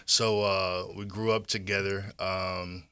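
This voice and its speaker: A Southern man from Georgia talks in a low, easygoing voice, guesting on a podcast. He rambles through his stories with lots of "you know" and "man," restarting his sentences. It is loose, conversational storytelling. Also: slow pace, smooth. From Georgia, USA. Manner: relaxed, rambling, frequent fillers and restarts. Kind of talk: casual storytelling.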